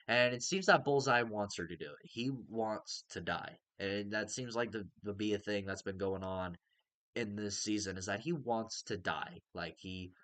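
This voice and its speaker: A man's voice: lowish voice, a bit bright, clean tone, no echo. A man giving a casual, rambling review of a TV episode, with many fillers and casual swearing. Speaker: TV show reviewer.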